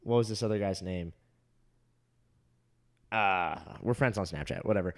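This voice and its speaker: A man's voice: low voice, moderate pace. A young man from Southern California co-hosting a podcast, telling crude stories in a loose, casual way and laughing often. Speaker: podcast co-host. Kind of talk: casual chat.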